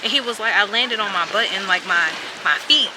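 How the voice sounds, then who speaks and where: A young woman talks casually into a handheld camera by a lakeside cliff. She jokes in slang and laughs often. Loud outdoor noise runs under her voice. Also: mid-range voice, a little fast. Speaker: travel vlogger. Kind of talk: casual vlog chat.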